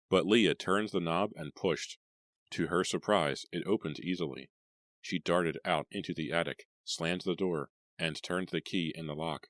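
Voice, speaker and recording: Casting: male horror audiobook narrator, very low voice, dry close studio sound. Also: a little slow, dry recording. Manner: steady, dramatic storytelling. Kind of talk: scripted narration of a horror novel.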